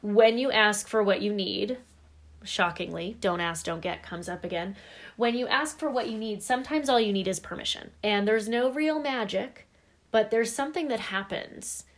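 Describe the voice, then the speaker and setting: A woman co-hosting a podcast who talks candidly and emphatically. Her voice sits mid-range, and she swears casually now and then in relaxed chat. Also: mid-range voice, moderate pace. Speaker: podcast co-host.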